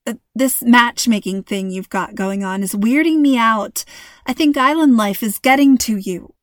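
A woman's voice: fairly high pitch, moderate pace, dry recording, studio quality, close to an everyday voice. A woman voicing a wry, impatient teenage girl in a storybook reading, with a sarcastic, teasing manner.

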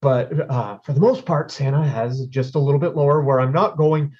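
A man's voice: mid-range voice, normal speed, darkish tone, husky, highs cut off. A man hosting a podcast, chatting casually and reflecting on his own speaking voice. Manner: conversational, self-reflective. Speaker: podcast host.

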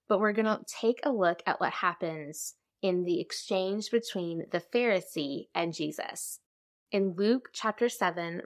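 A woman hosting a devotional podcast, speaking in a gentle, earnest way and reading scripture aloud. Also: on the low side. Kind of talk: reflective devotional talk.

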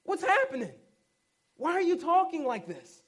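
Bewildered male disciples pleading in a high, strained voice, as a preacher acts them out in his sermon. They fire off exasperated questions one after another, pushing the pitch up. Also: wildly swooping pitch, moderate pace, heavily acted. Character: bewildered disciples, adult men, pleading with their teacher.

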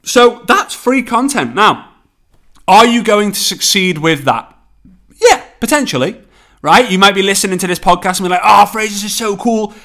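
A man with a Scouse accent hosting a solo motivational podcast as a network marketing coach, speeding up in bursts and slowing down for emphasis. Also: high voice. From England. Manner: energetic, pace swings between quick bursts and slow emphasis.

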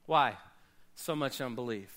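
A man preaching a sermon as pastor, swinging between loud bursts and quiet low asides. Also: a little slow.

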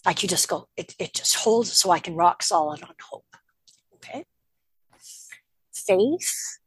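A woman's voice: fairly low pitch, measured pace, slightly rough, no room sound. An older woman from the Canadian prairies, a guest telling personal stories in a conversation and acting out the voices she quotes. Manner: animated, acts out quoted voices. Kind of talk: casual storytelling.

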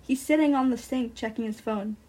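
A woman's voice: fairly high pitch, a little fast, mellow. A young woman reading a first-person short story aloud in an earnest, breathless way. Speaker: student reader.

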